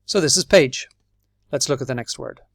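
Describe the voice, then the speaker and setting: A man with an Irish accent teaching English, explaining patiently and clearly and spelling words out letter by letter. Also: mid-range voice, normal speed, a bit bright, dry recording, studio quality. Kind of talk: slow, clear classroom explanation.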